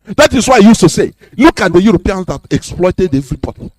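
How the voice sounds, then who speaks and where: A man's voice: high voice, big pitch swings, quick pace, darkish tone. A man giving an impassioned, preachy radio talk full of rhetorical questions. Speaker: radio host.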